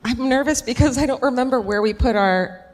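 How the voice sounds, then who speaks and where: An American woman co-hosting a live comedy podcast, animated, swearing and teasing the crowd. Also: on the high side, brisk. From United States. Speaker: podcast co-host. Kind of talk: live comedic banter on stage. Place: large concert hall with live audience. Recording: hall reverb, faint crowd noise.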